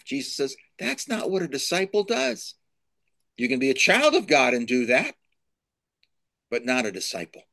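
A man's voice: mid-range voice, a bit bright, no room sound. Emphatic preaching man, repeating phrases. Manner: emphatic, repeats key phrases, builds lists. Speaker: Christian author and speaker. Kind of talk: preaching-style interview answers.

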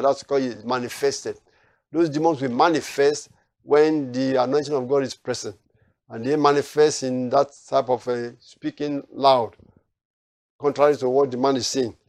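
A man preaching a sermon, repeating phrases and swinging from quiet asides to loud, emphatic declarations. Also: mid-range voice, dry recording, clean studio sound.

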